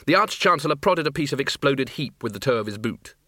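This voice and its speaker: Bright-voiced male audiobook narrator. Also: mid-range voice, expressive, fast talker, no echo, studio quality. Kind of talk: scripted narration.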